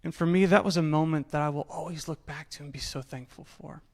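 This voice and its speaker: Male speaker, 30ish, fairly high voice, frank personal story with acted-out dialogue, self-mocking humor. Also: steady tone, a little fast, rough recording. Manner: candid, self-deprecating, acts out dialogue. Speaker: speaker telling his survival story. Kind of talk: personal storytelling talk on stage.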